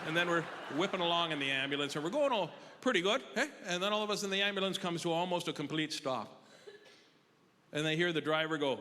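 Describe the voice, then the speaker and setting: A man telling an animated, exaggerated story as a stand-up comedian, often checking in with a quick "right?". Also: fairly high pitch. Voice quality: animated, exaggerating, tag questions. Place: comedy festival stage in a large hall. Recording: reverberant live hall with audience noise.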